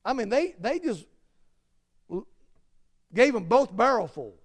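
Emphatic, high-voiced man preaching. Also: big pitch swings, measured pace. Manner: earnest, emphatic, repeats phrases, swings from loud to hushed. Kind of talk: sermon.

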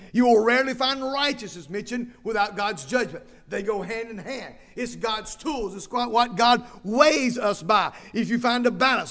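Male pastor with a high-pitched voice, preaching with emphatic repetition and reading scripture aloud. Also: fairly bright tone. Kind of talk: sermon.

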